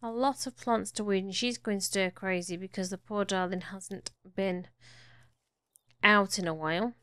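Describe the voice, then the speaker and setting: A woman's voice: medium pitch, fairly even intonation, a little slow, bright, forceful tone, clear, resonant tone. A woman giving casual commentary on a life-simulation game, chatting fondly to her characters as she plays. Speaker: gaming YouTuber. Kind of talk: casual Let's Play commentary.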